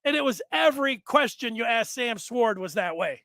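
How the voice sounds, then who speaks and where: Male sports talk host, high voice, animated storyteller, dry close mic. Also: moderate pace, no room sound. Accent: Michigan. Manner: animated storytelling, acts out quotes, frequent fillers. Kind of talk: casual sports talk on video.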